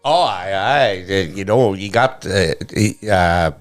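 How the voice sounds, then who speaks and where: Northern Irish man in his fifties, fairly deep voice, animated anecdote-teller on a studio podcast. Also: measured pace, faint music behind. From Northern Ireland. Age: 50s. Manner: animated, rambling anecdotes with restarts. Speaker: guest comedian. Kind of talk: casual podcast storytelling.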